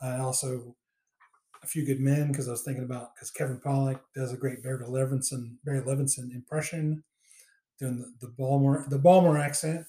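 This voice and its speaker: Mellow-voiced rambling podcast host man. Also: mid-range voice, little pitch movement, fairly quick. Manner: rambling, many fillers and restarts. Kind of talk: casual chat.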